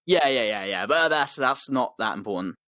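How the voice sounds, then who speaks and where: A man's voice: mid-range voice, expressive, moderate pace, sharp tone, no room sound, clean studio sound. A man telling a rambling comic story as a podcast host, laddish and slangy. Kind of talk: comedic storytelling.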